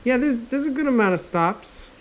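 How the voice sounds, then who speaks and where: A man's voice: extremely high pitch, lively intonation, normal speed. A man co-hosting a casual podcast, laid-back and swearing casually. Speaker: podcast co-host. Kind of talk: casual chat.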